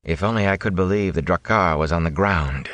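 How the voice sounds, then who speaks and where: A man reading an audiobook, voicing a commanding, imperious woman sorceress with slow, haughty speech. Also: sits low, a bit bright, no room sound. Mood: calm, aloof. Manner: slow, measured, haughty delivery. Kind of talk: audiobook character voice.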